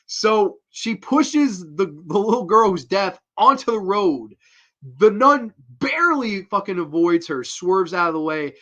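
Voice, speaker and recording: A man in his twenties reviewing a horror film in a casual, excitable way, swearing freely. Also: high voice, unhurried, highs cut off.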